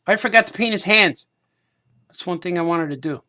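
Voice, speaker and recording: At a moderate pace and in a high-pitched, sharp voice, a cartoonist rambles to himself as he paints toy figures during a craft stream. He repeats phrases and laughs at his own remarks.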